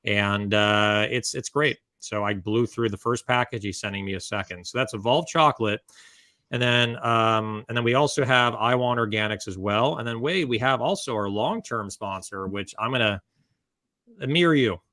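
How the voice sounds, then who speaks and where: A chatty male podcast host with a fairly low voice. He talks in a loose, casual way, dropping joking asides between sponsor mentions. The sound is dry and close, with no room echo. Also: moderate pace, bright, forceful tone.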